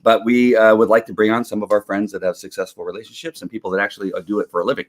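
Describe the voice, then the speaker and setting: Middle-aged guy hosting a livestream, kinda low voice, rambles and restarts a lot. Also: fairly even intonation, very fast. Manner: rambling, restarts often, chuckles. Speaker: host of a faith and politics livestream. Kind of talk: casual livestream chat.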